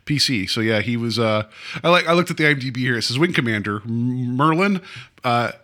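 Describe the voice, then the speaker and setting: A man's voice: mid-range voice, animated, a little fast, pushed and bright. A man in his mid forties, a podcast co-host rambling in casual chat with lots of fillers and self-deprecating jokes. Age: 40s.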